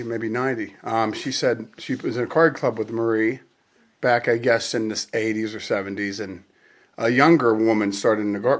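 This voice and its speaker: Relaxed man telling family stories. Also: medium pitch. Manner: relaxed, acts out quoted lines. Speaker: family member sharing memories. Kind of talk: casual storytelling at a funeral luncheon. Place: funeral luncheon gathering.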